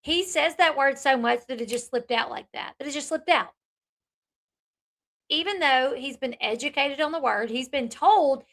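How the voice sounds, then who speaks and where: A woman's voice: sits high, moderate pace, fairly bright tone. A woman hosting a reaction channel, commenting bluntly and sarcastically on clips she plays.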